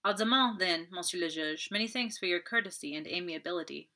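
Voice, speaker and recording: A woman voicing a polite, shrewd older detective in an audiobook, measured and guarded in speech. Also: fairly low pitch, pushed and bright.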